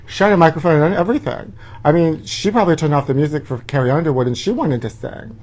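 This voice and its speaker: A man's voice: on the high side, fast talker, a little mellow. A man hosting a live gossip show from his parents' house, talking in a sassy, campy way and calling everyone honey.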